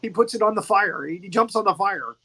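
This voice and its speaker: A man's voice: high voice, lively intonation, fairly quick, pushed and bright, slightly rough, poor audio. A man hosting a casual movie discussion who rambles, repeats words and laughs often. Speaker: host.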